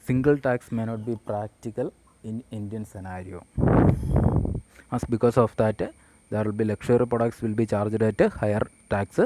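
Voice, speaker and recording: A man with a Kerala English accent giving an explanatory lecture. He talks haltingly, with frequent pauses and restarts. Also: fairly low pitch, background noise.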